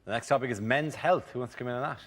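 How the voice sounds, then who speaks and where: A man hosting a comedy panel show, briskly announcing topics and handing over to the comedian. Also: mid-range voice, heavy background noise. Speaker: show host. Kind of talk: introducing topics.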